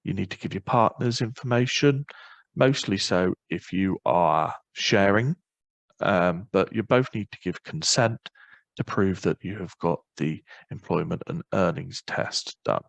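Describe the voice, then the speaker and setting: Northern Irish male presenter, low voice, brisk informal webinar delivery, dry mic. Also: creaky, no echo, highs cut off. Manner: quick, informal explaining with many fillers. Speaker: webinar presenter on parental leave.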